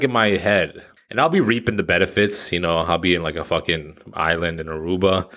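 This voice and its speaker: A man's voice: sits low, fairly bright tone. A thirty-year-old American man hosting his own podcast, rambling, swearing and mocking himself in casual talk. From United States. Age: 30s. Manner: rambling, profane, self-mocking. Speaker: podcast host. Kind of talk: casual solo podcast monologue.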